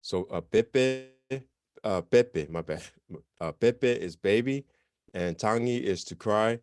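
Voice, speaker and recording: A man with a fairly low, smooth and resonant voice leads a beginner language class. He explains things casually and keeps stopping to correct himself. The sound is dry and close to the mic. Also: slow, no echo. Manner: relaxed, self-correcting, chatty explanations. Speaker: language teacher. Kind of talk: informal online class.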